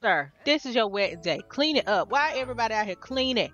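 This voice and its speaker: Animated woman with lively, swooping pitch. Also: a little fast, dull audio, faint music behind. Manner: animated, exasperated, talks to viewers. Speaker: gameplay commentator. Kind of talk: casual gameplay commentary.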